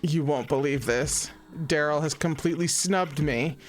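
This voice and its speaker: A woman's voice: deep voice, moderate pace, faint music behind, close to an everyday voice. A woman voicing a sassy, scheming female angel who performs at a bar and talks people into her plans. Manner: sassy, persuasive. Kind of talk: let's play voice acting.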